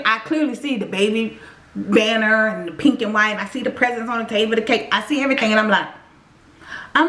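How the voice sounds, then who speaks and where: Animated woman vlogger in an echoey room. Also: on the high side. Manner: animated, addresses viewers directly. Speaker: vlogger telling her own story. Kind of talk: casual storytelling to viewers.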